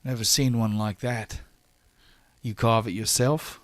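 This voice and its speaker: A man voicing a gruff, black-bearded male dwarf warrior who speaks bluntly and sizes people up. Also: medium pitch, fairly even intonation, measured pace, pitched above the performer's own voice, natural voice. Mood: curious. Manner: blunt, sizing up.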